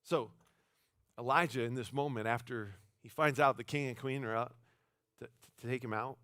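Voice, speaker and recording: A pastor giving a sermon in a church, telling the story in a casual, animated way with playful voiced asides. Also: male voice, medium pitch, no echo, studio quality. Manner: casual, conversational phrasing with many restarts.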